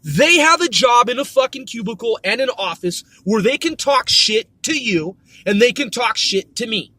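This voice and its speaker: A man's voice: extremely high pitch, animated, normal speed, bright, forceful tone, no echo. A man hosting a podcast, delivering a profane, emphatic, stern rant. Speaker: podcast host. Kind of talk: ranting podcast monologue.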